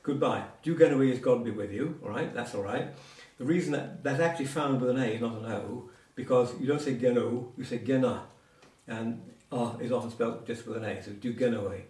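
Picked up from a distance in a roomy space, a man explains Cornish vocabulary to a single learner, patient and full of asides and examples. He speaks at medium pitch, a little fast with few pauses, in a darkish tone.

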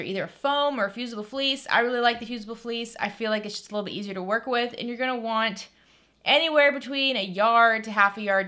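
A woman's voice: fairly high pitch, bright, forceful tone. A woman hosting a sewing tutorial, chatty and enthusiastic, with lots of casual fillers. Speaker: sewing channel host.

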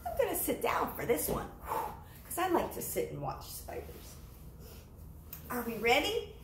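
A middle-aged woman with a Southern US accent, a librarian gently leading a children's sing-along, singing and chatting playfully. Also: on the high side, huge pitch swings, unhurried, slight background noise. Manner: gentle, playful, sings then chats. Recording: roomy sound with faint ukulele.

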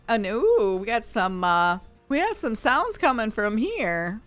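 A woman's voice: fairly high pitch, very animated, no room sound, faint music behind. Chatty woman narrating her game. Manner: chatty, voices the sims' thoughts in quick asides. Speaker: gaming YouTuber. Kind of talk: casual game commentary.

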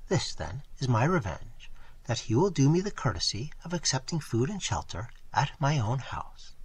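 A man voicing a mysterious young noblewoman in an audiobook, speaking softly in a hushed, half-whispered way. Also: mid-range voice, big pitch swings, normal speed, husky. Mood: gracious. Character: mysterious young noblewoman, gentle, dreamy, sad. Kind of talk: audiobook reading.

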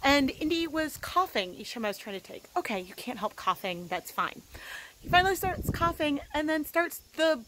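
A woman's voice: high-pitched, very animated, normal speed, fairly bright tone, slight background noise. Woman, home vlogger, candid chatty delivery. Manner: chatty, candid, frequently laughing. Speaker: yarn dyer and vlogger. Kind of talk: casual vlog. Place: home studio and garage.

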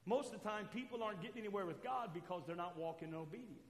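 A man preaching a sermon as pastor, swinging between loud calls to the church and quiet asides. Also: high-pitched, racing. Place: church sanctuary. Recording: echoey church hall.

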